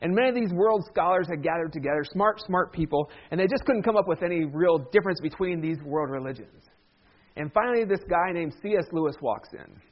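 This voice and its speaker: A man's voice: sits high, brisk, muffled recording. A man preaching a sermon as a pastor, talking in a conversational way with humorous asides.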